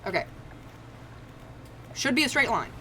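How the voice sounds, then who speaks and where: A woman's voice: a little high, sing-song, unhurried, sharp tone, a little hiss or hum. Chatty woman streaming a game. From United States. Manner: chatty, self-mocking, swears freely, frequent laughs. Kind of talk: casual gameplay commentary.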